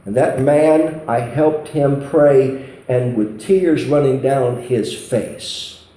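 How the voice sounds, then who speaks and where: A man's voice: mid-range voice, slow, mellow. Impassioned preacher man in an echoey hall. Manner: impassioned storytelling with pleading emphasis. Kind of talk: sermon. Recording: roomy hall echo.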